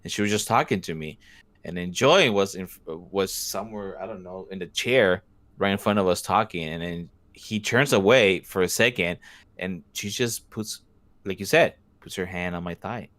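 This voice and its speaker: A man co-hosting a podcast, telling a story in an animated, halting way with many restarts. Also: low voice. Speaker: podcast co-host. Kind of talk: casual podcast chat.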